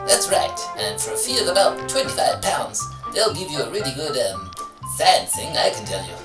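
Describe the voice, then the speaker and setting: A man's voice: fairly high pitch, wildly swooping pitch, normal speed, roomy sound, distant mic, music in the background. A man voicing a sleazy male British professor who talks in a prim, innuendo-laden presenter tone. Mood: smug. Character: sleazy male British professor, faux-posh science host.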